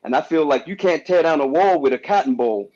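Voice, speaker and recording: A man's voice: fairly high pitch, animated, fairly quick, darkish tone. A man talking on a casual panel discussion who keeps asking "you know what I mean" and restarts his phrases. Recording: dull lo-fi sound.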